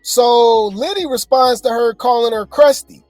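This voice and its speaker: A woman's voice: on the high side, a little slow, a little mellow, no room sound, faint music behind. A woman hosting casual gossip commentary, chatty and slangy, talking straight to her viewers.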